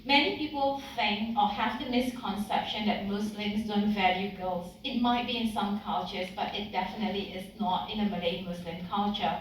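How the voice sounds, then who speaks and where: A woman's voice: mid-range voice, fairly even intonation, moderate pace, hardly any pauses, slight background noise. A woman in her thirties, from Singapore, giving a heartfelt personal speech to an audience at a community event. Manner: heartfelt, slightly emotional. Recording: echoey hall mic from some distance.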